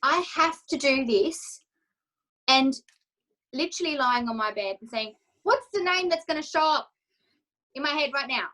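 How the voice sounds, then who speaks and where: Earnest woman coach with a high voice. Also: moderate pace, sharp tone, rough recording. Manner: emotional, acts out her own inner dialogue. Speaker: confidence coach, interview guest. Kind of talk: candid personal story in an interview.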